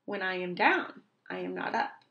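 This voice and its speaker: Storybook owl, gentle and simple, earnest and childlike, read by a woman. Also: on the low side, animated, normal speed, creaky, highs cut off.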